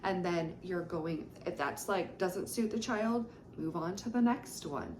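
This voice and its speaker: A woman's voice: on the low side, a little slow, a little mellow, slight background noise. Woman educator in an echoey room. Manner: conversational, with frequent fillers. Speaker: early childhood educator. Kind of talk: instructional talk. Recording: roomy echo.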